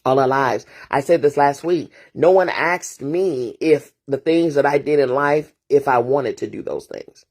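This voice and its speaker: A woman therapist delivers a casual morning monologue at an unhurried pace. She drives each point home by repeating phrases in long drumming lists. Her tone is preachy, with rhetorical asides to the listener. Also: rumbling low, darkish tone. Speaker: therapist and motivational host.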